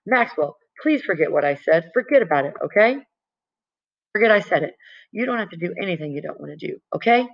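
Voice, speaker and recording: A woman's voice: lowish voice, lively intonation, brisk, vocal fry. An earnest middle-aged principal, voiced by a woman reading aloud, pleading and soothing and saying things twice over. The voice sits a little above a plain speaking voice. The recording is dull and lo-fi. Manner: pleading, soothing, repeating herself.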